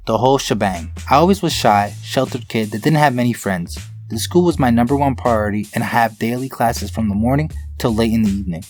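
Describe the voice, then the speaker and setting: A man reading online stories aloud in steady first-person narration. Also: mid-range voice. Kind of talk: scripted narration of online posts.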